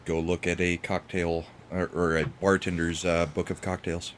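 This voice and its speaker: A man's voice: sits low, little pitch movement, moderate pace. A man on a casual podcast who needles the others with dry remarks. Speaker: podcast co-host.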